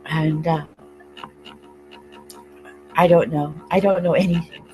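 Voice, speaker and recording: A woman's voice: low-pitched, steady tone, warm tone, faint music behind, rough recording. Tearful woman on a video call. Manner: tearful, halting, with laughs through tears. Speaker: participant in an online group call. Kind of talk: emotional open sharing.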